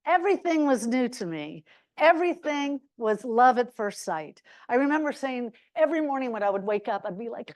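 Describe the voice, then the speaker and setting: A woman giving a reflective, expressive talk at a university forum, telling her stories with lively emphasis and occasional exclamations. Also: on the high side, moderate pace. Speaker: guest speaker.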